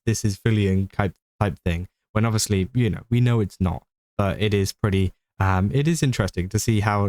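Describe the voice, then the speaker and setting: Casting: young british guy, low voice, dry close sound, loose rambling reaction commentary. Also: darkish tone, dry recording. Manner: rambling, many fillers and restarts.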